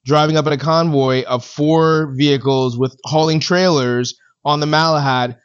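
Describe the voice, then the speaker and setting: A man's voice: fairly high pitch, moderate pace, clear, resonant tone, lo-fi sound. A man from Canada, co-hosting a casual podcast chat during a fantasy draft, telling stories with acted-out quotes. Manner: animated storyteller, acts out quotes. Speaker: podcast co-host.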